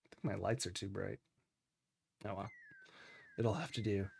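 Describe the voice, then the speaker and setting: A man's voice: on the low side, fairly even intonation, normal speed, gravelly, darkish tone, a little hiss or hum. A man streaming a game live, chatting casually and poking fun at himself while thanking viewers.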